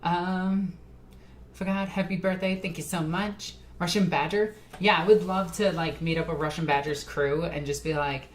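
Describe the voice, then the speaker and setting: A woman's voice: lowish voice, fairly even intonation, normal speed. A tipsy woman streamer chatting casually with her live chat, rambling and laughing often.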